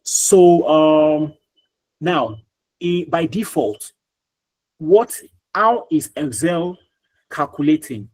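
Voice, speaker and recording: A man's voice: fairly high pitch, animated, extremely slow, pauses often, a little mellow, low-quality recording. A man teaching a live online class over a video call, repeating himself and quizzing students by name.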